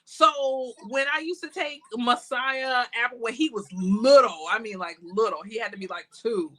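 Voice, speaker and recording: A woman's voice: fairly high pitch, normal speed, fairly bright tone. A woman from the United States co-hosting a podcast, chatting casually and expressively and acting out her own reactions with laughs. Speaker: podcast co-host. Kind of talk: casual chat.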